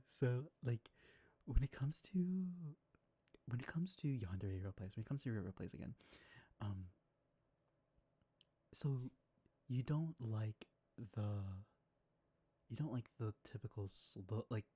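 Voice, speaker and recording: Low husky Southern American man. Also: mellow. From Southern United States. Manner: easygoing, laughs often. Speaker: ASMR streamer host. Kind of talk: casual chat.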